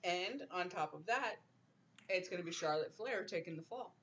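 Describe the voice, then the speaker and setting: A young woman hosting a casual wrestling chat, animated, ranting and laughing often. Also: lowish voice, normal speed, slight background noise. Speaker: podcast host. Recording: dull lo-fi stream audio.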